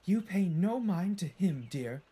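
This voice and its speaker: A man's voice: high voice, expressive, unhurried, dark tone, breathy edge, voice pushed up, exaggerated voice. A man voicing a prim, fretful female railway coach in a storybook, who fusses and murmurs. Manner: fussing, murmuring.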